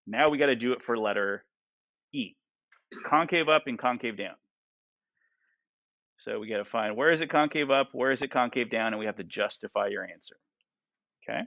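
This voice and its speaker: A man's voice: mid-range voice, moderate pace, vocal fry, pauses often, pushed and bright, no echo, dull audio. A male math teacher lecturing a class. He asks the students lots of questions and keeps checking in with "right?" and "okay?".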